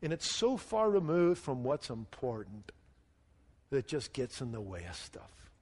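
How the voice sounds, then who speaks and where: A man preaching a sermon, telling jokes and stories in an animated way and acting out the people in them. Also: mid-range voice, unhurried. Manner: animated storytelling with voiced quotes. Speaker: pastor. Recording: hall reverb.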